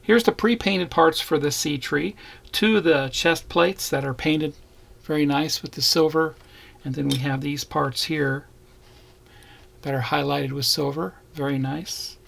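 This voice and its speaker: Male kit reviewer, raspy low fry in the voice, plain and easygoing unboxing delivery. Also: fairly even intonation, fairly bright tone. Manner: plain, unhurried, points out parts as he shows them. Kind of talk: casual unboxing narration.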